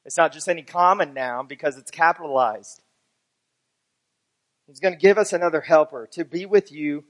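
A pastor delivering a sermon in a notably high, bright male voice. He reads scripture passages aloud, then works through them for his listeners, building from a steady teaching tone into fervent preaching. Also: normal speed.

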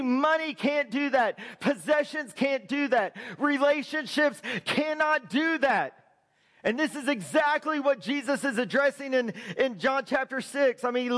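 A man preaching a sermon as pastor, building to shouted emphasis. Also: extremely high pitch.

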